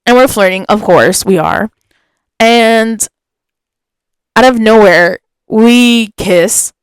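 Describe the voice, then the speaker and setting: A young woman with a fairly high, smooth and resonant voice, recounting a story on a podcast. She talks in an animated, chatty way and laughs often. The recording is close and dry. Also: takes it slowly, no echo. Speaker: podcast host. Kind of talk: casual storytelling.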